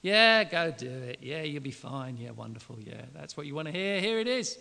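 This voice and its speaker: A weary prophet, as a preacher puts him on, drawls his mock agreement in a high, bright voice with a gravelly edge. The words ring out into a large hall with a long reverb. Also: very animated, normal speed, heavily acted. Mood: sarcastic. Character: weary sarcastic male prophet brushing off a king.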